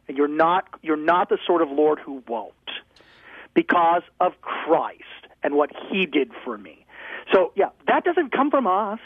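A man's voice: high voice, no room sound. A man, a guest pastor, talking with energy and humor on a call-in radio show, sometimes ranting. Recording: tinny phone line.

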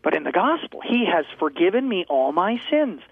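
Energetic pastor on a tinny phone line. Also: male voice, high voice, normal speed, creaky, husky, no room sound. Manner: energetic, ranting, jokey. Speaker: guest pastor. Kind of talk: call-in radio talk.

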